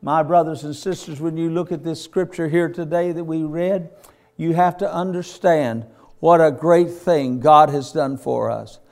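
A man's voice: a little high, fairly even intonation, unhurried, darkish tone. A man preaching a sermon to his church, retelling stories with fervor and repeating phrases in rhythmic runs. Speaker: pastor.

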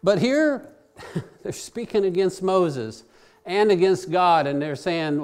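A man's voice: high-pitched, animated, slow, a little mellow. A man preaching a sermon, reading scripture aloud and explaining it in plain everyday words. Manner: varies pace, drawing out key phrases and speeding up asides.

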